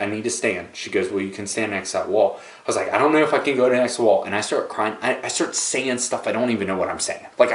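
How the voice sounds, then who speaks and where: A young man casually telling a personal story to his viewers, animated and playful with dramatic asides. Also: fairly low pitch, distant mic. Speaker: vlogger. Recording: echoey room, voice a bit off-mic.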